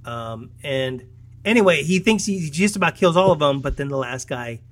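A man's voice: a little high, lively intonation, normal speed, a bit bright. A man in casual chat, retelling a film's plot in a rambling way with many fillers, restarts and chuckles. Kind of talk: casual movie recap chat.

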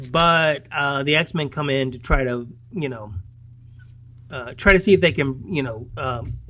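A man's voice: fairly high pitch, fairly bright tone. A man in casual chat, retelling a film's plot in a rambling way with many fillers, restarts and chuckles. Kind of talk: casual movie recap chat.

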